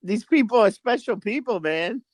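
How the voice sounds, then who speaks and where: A man's voice: high-pitched, animated, normal speed, no echo. A man co-hosting a casual podcast, swearing freely and asking questions, with lots of fillers. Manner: casual, profane, asks questions, many fillers. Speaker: podcast co-host.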